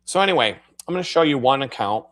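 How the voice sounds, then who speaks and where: A foul-mouthed man hosts a live stream, spinning crude stories about office life. He talks casually and loosely, swearing constantly and often laughing at his own jokes. His voice sits at an ordinary pitch for a man. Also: animated, quick pace, fairly bright tone. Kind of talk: profane casual storytelling.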